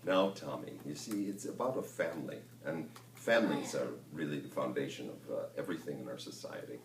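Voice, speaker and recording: Man doing an old grandpa, folksy, preachy, extremely deep, roomy distant sound. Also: brisk, background noise. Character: older grandfather lecturing his grandson. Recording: roomy, distant mic with ambience.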